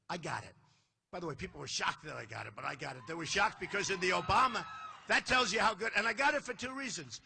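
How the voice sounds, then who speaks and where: A man's voice: sits high, bright, forceful tone, a little hiss or hum. An older man from the United States giving a boastful, repetitive campaign rally speech, with punchy phrasing. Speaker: political candidate. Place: large indoor arena.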